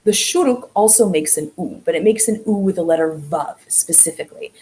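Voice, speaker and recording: A woman's voice: fairly low pitch, expressive, warm tone, poor audio. A woman teaching an online beginner language class, explaining step by step and drawing out the vowel sounds she demonstrates. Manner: drawn-out sounds when showing vowels.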